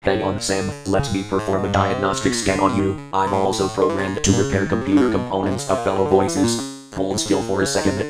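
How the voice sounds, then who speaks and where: A synthesized man as a flat, calm repair robot. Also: low voice, normal speed, natural voice, low-quality recording. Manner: calm, technical, matter-of-fact. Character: helpful male repair robot. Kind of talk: text-to-speech comedy skit. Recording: loud guitar music under the voice. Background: plucked guitar music.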